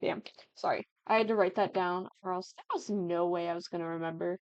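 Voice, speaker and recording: A woman's voice: lowish voice, fairly even intonation, a little fast, smooth, dry recording. Giggly rambling 19-year-old woman. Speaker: gaming YouTuber. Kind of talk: casual chat over gameplay. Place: at home. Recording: dull lo-fi dry sound.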